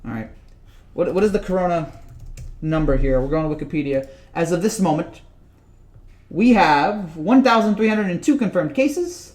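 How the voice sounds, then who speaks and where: Male sports vlogger with a high voice, rambling and jokey, casual rant. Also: normal speed, darkish tone. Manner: rambling, joking, repeats himself.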